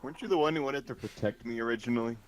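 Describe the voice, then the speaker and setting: A man's voice: mid-range voice, rapid-fire, a little hiss or hum. A man playing a tabletop game, easygoing and playful. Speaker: player.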